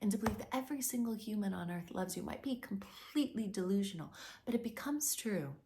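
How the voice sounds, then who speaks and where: A young woman giving a spiritual, motivational talk as a manifestation teacher. She is earnest and effusive, rambles with restarts, and swings between soft near-whispers and bright emphatic bursts. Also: mid-range voice, animated, fast, noisy background.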